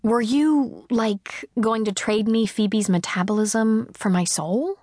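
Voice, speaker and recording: A woman voicing a sardonic, self-mocking teenage girl who talks quickly and chattily. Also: a little high, a little mellow, no room sound, studio quality. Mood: chatty.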